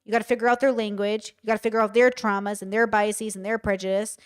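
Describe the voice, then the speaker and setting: Smooth-voiced blunt woman streamer. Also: medium pitch, little pitch movement, fast talker. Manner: emphatic and blunt, talks straight to chat. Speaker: streamer reacting to a show. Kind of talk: casual live commentary.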